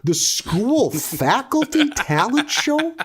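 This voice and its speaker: Male podcast co-host, animated pitch, loose and profane. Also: slow pace, breathy edge. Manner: laughs often, swears freely. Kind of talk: casual chat.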